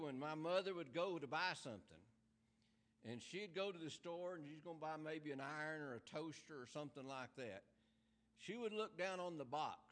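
A man in his sixties preaching a sermon in a church, moving from easy conversational talk into fervent emphasis and reading scripture slowly and deliberately. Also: a little high, a bit bright. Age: 60s.

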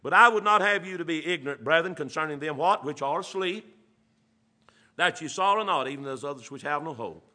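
Male preacher, high-pitched, bright sharp tone, folksy, fervent. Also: animated, brisk. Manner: swings from quiet teaching to loud fervent preaching; folksy, filler-laden delivery. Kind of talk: sermon.

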